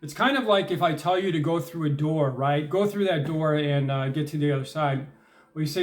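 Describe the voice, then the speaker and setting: A man's voice: a little high, brisk. A middle-aged man giving a casual talk on manifesting, conversational, with frequent fillers and "all right?" check-ins, building to emphatic stress on key points. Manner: grows emphatic and louder when stressing determination. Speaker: self-help speaker.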